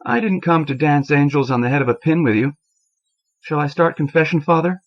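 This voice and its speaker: An earnest young man at confession, apologetic and eager to please, as a male reader voices him. His voice is lifted higher than the reader's own. A dull, lo-fi tape sound hangs over it. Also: expressive, a little fast, natural voice. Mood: wry. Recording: dull lo-fi cassette audio.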